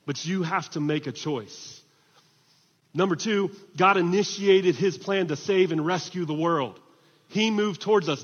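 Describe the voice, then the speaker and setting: Pastor, male, high voice, lively sermon delivery, muffled echoey hall sound. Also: normal speed. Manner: animated, swings from hushed to shouting. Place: church hall.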